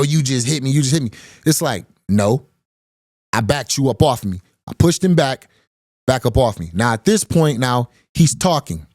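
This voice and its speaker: A man in his thirties recounts a heated confrontation in a loose, animated way, acting out what others said and circling back over his own words. His voice sits at an ordinary pitch and sounds close and dry, with no room around it. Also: dry recording. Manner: animated retelling, quotes others, repeats phrases. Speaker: podcast host telling a personal story. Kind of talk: casual storytelling.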